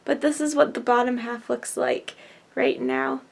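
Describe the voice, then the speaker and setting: A woman's voice: high-pitched, fairly even intonation, measured pace, gravelly. A young woman in her twenties chatting casually in a book vlog from her bedroom, upbeat and full of "like" fillers. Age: 20s. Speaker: book vlogger. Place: bedroom at home. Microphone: camera on the bed.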